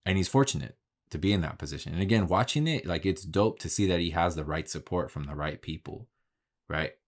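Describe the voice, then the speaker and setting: A man's voice: low-pitched, animated, brisk. A man talking in a casual, candid vlog monologue, swearing freely and telling stories about his work. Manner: profane, candid, talks through stories. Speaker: vlogger.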